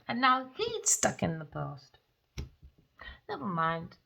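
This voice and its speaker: Woman, tarot reader, sassy, theatrical, swears a lot, bright tone. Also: on the high side, sing-song, slow, vocal fry. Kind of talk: casual tarot reading.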